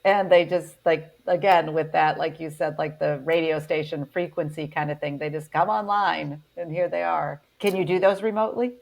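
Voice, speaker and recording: A woman hosting a podcast interview, affirming her guest often and asking gentle questions. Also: sits low, steady tone, moderate pace, gravelly, few pauses. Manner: warm affirming listener, frequent agreement. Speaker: podcast host. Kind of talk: casual interview conversation.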